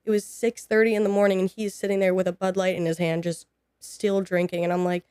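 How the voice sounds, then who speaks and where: A woman's voice: medium pitch, fast talker, clean tone, no echo, studio quality. A woman in her twenties, a podcast guest, telling a personal story and acting out what people said. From United States. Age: 20s. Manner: animated, acts out quoted dialogue.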